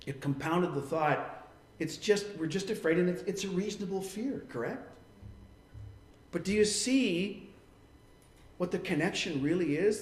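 A man's voice: fairly high pitch, a little mellow. Preaching man in an echoey room. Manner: earnest preaching, acting out quoted voices. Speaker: pastor. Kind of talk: sermon.

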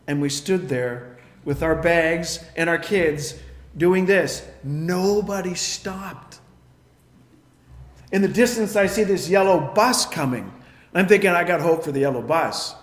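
Male pastor, middle-aged, high-pitched, animated storyteller, roomy sound. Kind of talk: sermon with personal story.

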